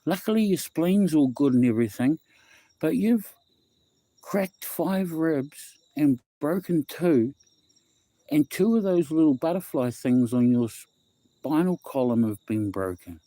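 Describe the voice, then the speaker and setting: A man voicing a brisk male hospital doctor, matter-of-fact and a little higher than his own voice. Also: lively intonation, dark tone, no room sound.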